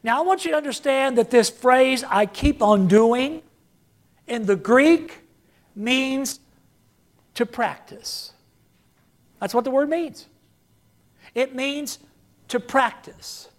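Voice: high voice, takes it slowly, long pauses. A preacher delivering a sermon, repeating key phrases for emphasis and calling on the congregation to say lines back and answer.

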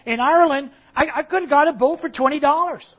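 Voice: high voice, fast, natural voice. Preacher's own voice for a cheap, put-out Irish tourist man, lo-fi recording. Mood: indignant.

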